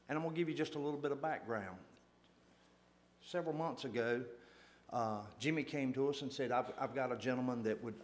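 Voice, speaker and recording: A man telling a folksy, self-deprecating story to a church gathering, repeating phrases for emphasis. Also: mid-range voice. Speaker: church lay speaker.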